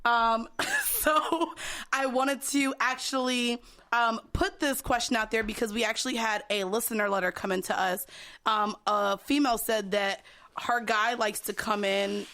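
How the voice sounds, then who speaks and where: A woman co-hosts a casual podcast in a studio, her voice sitting high. She talks bluntly and keeps breaking into giggles as she tells her stories. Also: measured pace, bright, forceful tone. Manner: giggly, frank, laughs often while telling stories. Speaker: podcast co-host. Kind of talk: casual chat.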